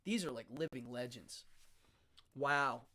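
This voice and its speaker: A man's voice: medium pitch, slow pace, bright, forceful tone. A man hosting a live internet show, chatting casually and rambling with frequent laughs. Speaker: host. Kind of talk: casual live-stream chat.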